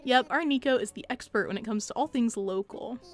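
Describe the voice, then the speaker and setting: A woman's voice: a little high, brisk, soft background music, natural voice. A woman reading as an upbeat otter boss. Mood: welcoming.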